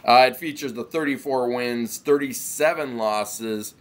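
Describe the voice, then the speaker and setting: A young man co-hosting a sports picks show, talking casually and playfully, now and then breaking into loud announcer shouts. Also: medium pitch, moderate pace, hardly any pauses.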